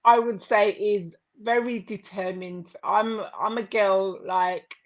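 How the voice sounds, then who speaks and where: A woman's voice: medium pitch, slow, highs cut off. A woman, a guest in a casual interview, talking energetically and laughing often. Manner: energetic, laughing, slips into put-on voices.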